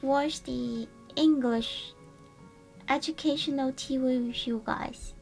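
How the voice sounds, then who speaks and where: High-voiced playful woman streamer. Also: steady tone, slow pace, gravelly, darkish tone, faint music behind. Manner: playful, rambling, greets chat. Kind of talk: casual live-stream chat.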